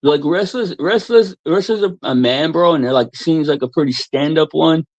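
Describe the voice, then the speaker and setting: A man's voice: on the high side, normal speed, darkish tone, no echo. A man ranting at someone in a heated chat, swearing heavily and mocking him. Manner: profane, ranting, mocking with put-on voices. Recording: dry, dull lo-fi sound.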